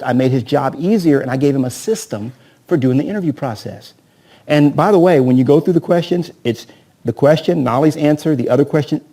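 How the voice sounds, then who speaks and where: An energetic man coaching a room full of agents, his voice pitched a bit high yet dark and mellow in tone. He keeps throwing questions at the crowd and acts out sales scripts with a volunteer. He teaches in a lively seminar style. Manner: energetic, peppers talk with "right?" and questions to the audience. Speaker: real estate trainer.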